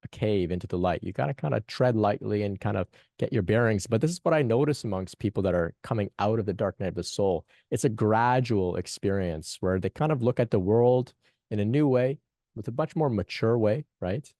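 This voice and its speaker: A man hosting a spiritual group call, talking reflectively and haltingly, often asking "right?" and repeating phrases. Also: fairly low pitch, warm tone, no echo, clean studio sound.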